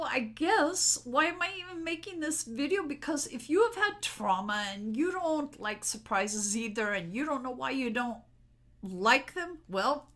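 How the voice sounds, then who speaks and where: A middle-aged woman, a spiritual vlogger, gives an unscripted solo talk to her camera at home, rambling candidly and personally. Her voice is fairly high-pitched with a fairly bright tone, recorded on the camera mic.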